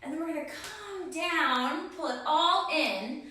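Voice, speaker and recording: In an echoey room, heard from a distance, a woman leads a children's yoga class in a high, sharp, expressive voice at an unhurried pace. She encourages the kids and cues every breath and pose.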